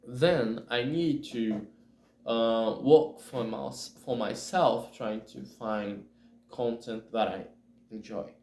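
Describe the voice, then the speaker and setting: A Brazilian man speaking English as a learner with a Brazilian Portuguese accent, talking casually to the camera and pausing often to find his words. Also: medium pitch, darkish tone, slight background noise. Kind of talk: casual self-recorded video. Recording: roomy echo.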